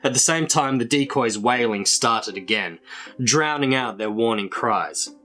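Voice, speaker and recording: Man reading a storybook aloud, bright tone. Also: medium pitch, expressive, soft background music. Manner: measured storytelling narration. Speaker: storybook reader. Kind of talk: reading a children's adventure book aloud.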